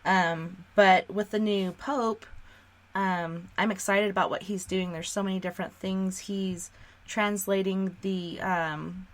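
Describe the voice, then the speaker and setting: A woman radio talk show host speaks slowly with a medium-pitched, steady voice. In casual conversation, she earnestly talks through her beliefs.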